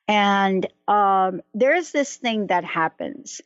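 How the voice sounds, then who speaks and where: Woman talk-show host, lively and rambling, dry muffled radio audio. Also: medium pitch, very slow, dry recording. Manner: animated, storytelling, stumbles and restarts. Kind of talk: casual radio interview.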